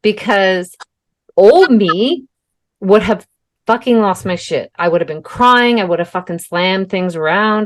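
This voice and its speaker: A woman's voice: mid-range voice, unhurried. A young adult woman co-hosting a podcast, telling a story in a casual, chatty way with lots of fillers and the odd swear. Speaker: podcast co-host. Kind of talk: casual chat.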